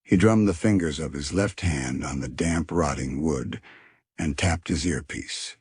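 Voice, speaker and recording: A man narrating a children's storybook in an expressive reading voice. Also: very deep voice, unhurried, slightly rough, dry recording, clean studio sound.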